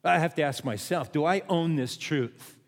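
A man's voice: fairly high pitch, moderate pace, big-room sound. A man preaching a sermon as pastor, who repeats refrains and asks his listeners questions.

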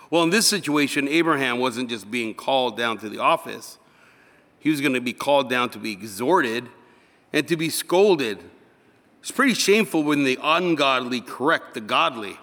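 A man's voice: medium pitch, expressive, normal speed, bright, forceful tone. Man preaching in an echoey hall. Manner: conversational, acts out little dialogues. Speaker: pastor. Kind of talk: sermon. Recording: reverberant hall.

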